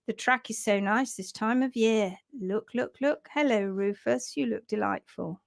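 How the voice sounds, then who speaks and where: High-voiced, chatty woman host. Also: a little slow, creaky, no echo. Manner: chatty, giggly, upbeat. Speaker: host of a horse care live show. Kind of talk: casual live-stream chat.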